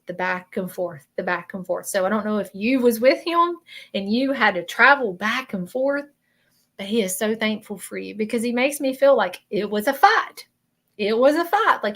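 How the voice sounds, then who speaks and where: A woman with a Southern American accent giving a live psychic reading, earnest and halting, often stopping to apologize. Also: mid-range voice, a bit bright. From Southern United States. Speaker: psychic medium.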